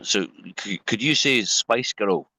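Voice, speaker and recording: A man's voice: on the low side, expressive, slow pace, bright, forceful tone, no echo, low-quality recording. A man telling a rambling, sweary story in casual chat on a livestream panel. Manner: rambling, sweary, full of fillers.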